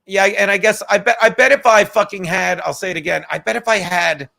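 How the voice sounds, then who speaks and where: A man's voice: high-pitched, a little fast, creaky, sharp tone. A tired man hosting a casual live stream from home, rambling and swearing, with joking asides to the chat. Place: home room.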